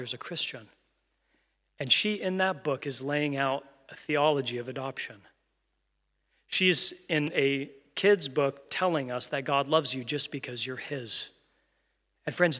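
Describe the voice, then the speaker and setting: Male pastor, earnest, conversational sermon, bright tone, echoing sanctuary. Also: a little high. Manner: earnest, conversational, asks the congregation questions. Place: church sanctuary.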